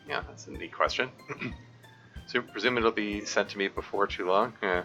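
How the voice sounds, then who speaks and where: A man streaming a game live, reading messages aloud and answering chat in a rambling, halting way. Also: fairly low pitch, pushed and bright, soft background music. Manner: rambling, halting, full of restarts.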